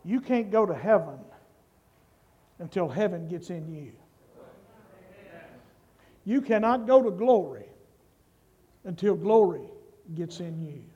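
A man preaching a sermon, slow and emphatic, building up to shouts. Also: high voice, animated, breathy edge, muffled recording. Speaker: pastor.

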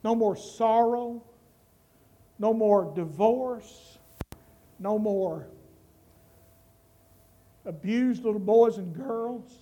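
A man preaching a sermon, slow and emphatic, building up to shouts. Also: high-pitched. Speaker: pastor.

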